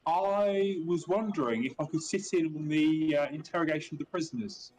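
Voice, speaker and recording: A man's voice: a little high, normal speed, background noise. An Australian man playing his character in a tabletop game over an online call, polite with stammering restarts. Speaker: player. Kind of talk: tabletop role-play.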